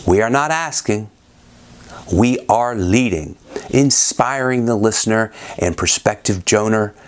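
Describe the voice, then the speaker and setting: A man hosts the show from a script, with a measured, formal delivery. His voice sits a little low. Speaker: host. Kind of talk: scripted presentation.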